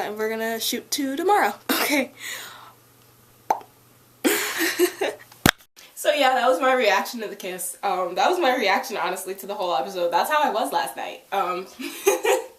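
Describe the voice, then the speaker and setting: A young woman reviewing a show in a casual vlog at home, gushing and excitable, saying "like" constantly. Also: mid-range voice. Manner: gushing, excitable, heavy use of "like". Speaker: video reviewer. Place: at home by a couch.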